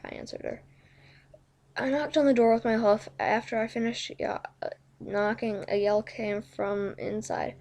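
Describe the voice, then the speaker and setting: A woman's voice: medium pitch, moderate pace, gravelly, a little mellow. A woman reading a fanfiction story aloud in first-person narration, often stumbling and correcting herself as she goes. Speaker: fanfiction reader.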